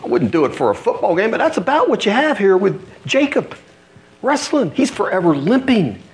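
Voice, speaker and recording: A man's voice: sits high, very animated, normal speed. A middle-aged man preaching a sermon, telling the story with acted-out voices and rising intensity. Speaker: pastor.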